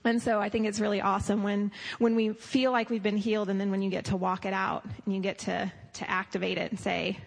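Woman, youth leader, lively casual testimony, long reverb, mid pitch. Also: fairly quick, creaky, hardly any pauses.

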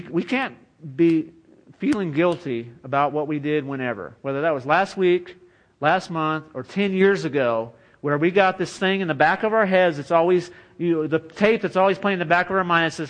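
A man preaching a sermon in an earnest, conversational way, often saying "you know" as he goes. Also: fairly high pitch. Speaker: pastor.

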